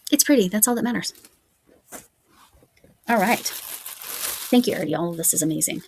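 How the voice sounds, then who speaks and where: A woman's voice: mid-range voice, expressive, unhurried, darkish tone, breathy edge. A woman crochet vlogger chatting casually at home, musing aloud as she reads out yarn labels. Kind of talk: casual show-and-tell chat.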